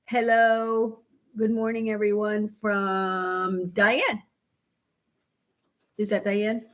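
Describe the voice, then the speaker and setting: A woman co-hosting a podcast in casual chat, telling animated, rambling stories. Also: mid-range voice, drawn-out words. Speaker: podcast co-host.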